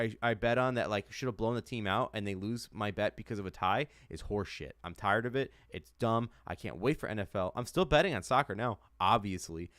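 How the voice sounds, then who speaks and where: A man's voice: lowish voice, a bit bright, dry recording, studio quality. A man from the United States, a podcast co-host, ranting about sports with heavy swearing and lots of repetition. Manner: heated, swears a lot, repeats himself. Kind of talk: profane sports rant.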